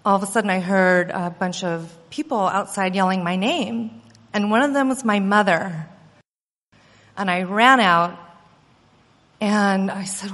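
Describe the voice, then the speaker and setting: A woman at a conference, recounting her own story in an earnest, halting way full of fillers and restarts. Her voice sits at a medium pitch and rings out with a long echo across a large hall. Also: fairly even intonation, a bit bright. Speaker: conference speaker. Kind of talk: personal testimony talk.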